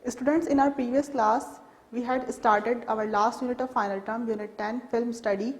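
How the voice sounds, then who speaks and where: A high-voiced woman teacher gives a recorded video lesson to schoolchildren. She explains each point patiently, repeats her key sentences and spells words out letter by letter. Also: steady tone, normal speed, a little mellow.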